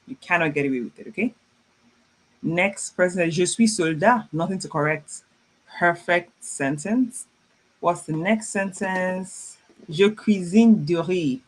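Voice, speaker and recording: A French teacher running a live online class, reading students' chat messages aloud, praising them warmly and slowing down to repeat French phrases. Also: mid-range voice. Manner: encouraging, slows down to spell out French phrases; chatty and informal, laughs often.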